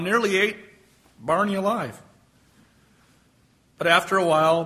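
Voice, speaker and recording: Male preacher, high voice, emphatic delivery with drawn-out contrasts. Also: pushed and bright. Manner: emphatic, stretches key phrases. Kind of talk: sermon with storytelling.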